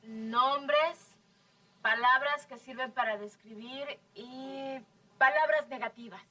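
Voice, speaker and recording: High-voiced woman student answering. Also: a little slow, sharp tone, distant mic, rough recording. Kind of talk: scripted classroom answers.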